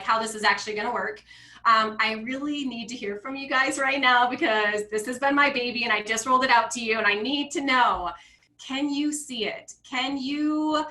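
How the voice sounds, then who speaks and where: Bright, bubbly woman hosting a live video call, fairly high voice, echoey room. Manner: bubbly, excitable, reads comments aloud. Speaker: financial coach hosting a live launch call. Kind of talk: casual live-stream talk.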